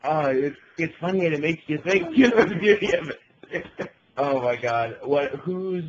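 A young man with a slightly raised, husky voice chats casually and laughs often. He is recorded at home in a bedroom, and the sound is dull and lo-fi. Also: fairly high pitch, lively intonation. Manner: laughs often, quick banter. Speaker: podcast co-host. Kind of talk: casual chat.

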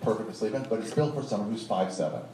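Fast and lowish-voiced, this man spins a profane, rambling story on stage, animated and laughing at his own tale. The audio comes from a distant audience recording in a live venue, with echo and background noise.

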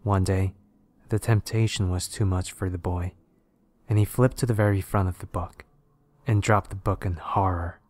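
A man narrating scary stories in a steady, measured way. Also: low voice, no room sound. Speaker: horror story narrator. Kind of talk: scripted narration of horror stories.

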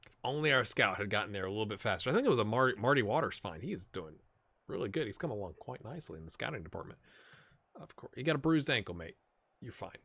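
A man's voice: lowish voice, expressive, fast talker, sharp tone. A man hosting a gaming video, giving rambling, chatty commentary with jokey asides to the players. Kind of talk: casual gameplay commentary.

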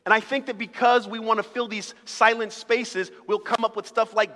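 A man's voice: sits high, normal speed, few pauses, pushed and bright. A man preaching a sermon as pastor, talking in a conversational, humorous way and acting out little dialogues. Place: church sanctuary. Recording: long reverb of a church hall.

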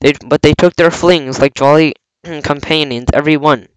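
A man's voice: on the high side, steady tone, moderate pace, clear, resonant tone, dry recording, lightly acted, poor audio. A man reading aloud, voicing an impatient, surly pirate coxswain who growls his lines. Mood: gruff.

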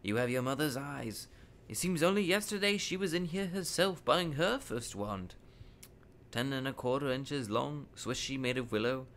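A man voicing an eerie old wandmaker in a read-aloud storybook, lifting his voice a little above his own and lingering over every word. The old man sounds precise and quietly uncanny, with a faint hiss of noise behind him. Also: mid-range voice, expressive, normal speed, voice pushed up. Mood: musing.

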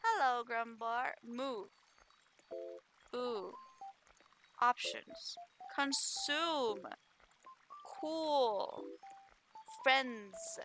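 A woman streamer chatting casually through a video game, giggly and easily excited by cute things. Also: fairly high pitch, drawn-out words, pauses often, a little hiss or hum. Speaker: gaming streamer. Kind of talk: casual let's-play commentary.

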